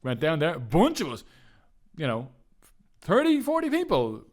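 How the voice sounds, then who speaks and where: A man's voice: on the high side, wildly swooping pitch, normal speed. A young Irish man on a casual podcast, spinning a long, rambling tale. He keeps slipping into other people's voices as he tells it. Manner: rambling storyteller, acts out other people's lines. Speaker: podcast co-host. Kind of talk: casual chat.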